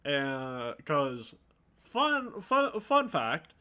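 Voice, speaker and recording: A man narrating as game master of a tabletop game, halting with many fillers. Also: fairly high pitch, big pitch swings, pushed and bright.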